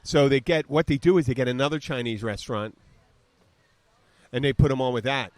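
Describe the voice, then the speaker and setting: A man in his fifties from the American South hosts a podcast at a slightly fast clip, his medium-pitched voice captured without room sound. He rambles through stories casually and does voices as he recounts them.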